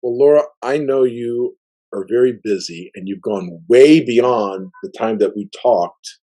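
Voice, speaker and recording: A man hosts a casual podcast interview with a warm, mellow voice at an ordinary middle pitch. He talks in a relaxed, rambling way, restarting his sentences and leaning on "you know.". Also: unhurried, rough recording. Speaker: podcast host.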